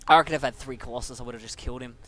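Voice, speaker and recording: A man's voice: mid-range voice, racing, bright, forceful tone. A young man casually commentating a replay of his own match, chatty and self-mocking.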